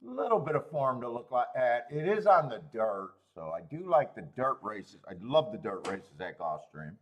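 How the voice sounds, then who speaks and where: A man hosting a horse racing betting livestream, thinking aloud through the odds and cracking himself up with loud bursts of laughter. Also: mid-range voice, sing-song, normal speed, highs cut off. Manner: thinks aloud, laughs at his own jokes; loud bursts when amused. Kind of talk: casual livestream handicapping commentary.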